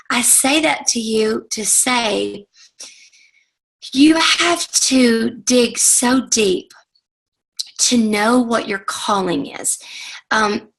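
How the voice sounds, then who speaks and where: A woman in her forties speaks to an audience in an earnest, heartfelt way, telling her own story as a motivational talk. Her voice sits a little high and carries a gravelly fry. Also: fairly bright tone, low-quality recording. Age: 40s. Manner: earnest and heartfelt, addressing listeners directly.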